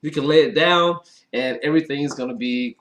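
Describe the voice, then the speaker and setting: A man's voice: medium pitch, brisk, a bit bright. A man hosting a casual on-camera wine tasting, talking to viewers directly in a chatty, upbeat way. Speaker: wine reviewer.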